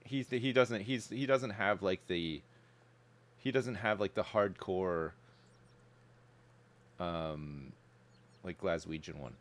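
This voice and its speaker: A man's voice: deep voice, slow pace, long pauses. A man in his thirties chatting casually with viewers as a game streamer, rambling loosely from thought to thought. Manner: rambling, chatty, answers chat, swears casually. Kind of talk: casual live-stream chat while gaming. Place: home streaming setup.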